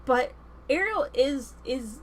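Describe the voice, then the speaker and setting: A woman vlogger giving casual, animated, slangy film commentary. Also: high voice, takes it slowly, slight background noise, low-quality recording.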